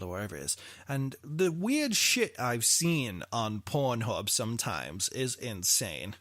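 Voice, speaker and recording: A man's voice: medium pitch, very animated, normal speed, hardly any pauses, fairly bright tone, dry recording, studio quality. A British man co-hosting a podcast in casual, jokey chat with a lot of swearing and laughter. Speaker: podcast co-host.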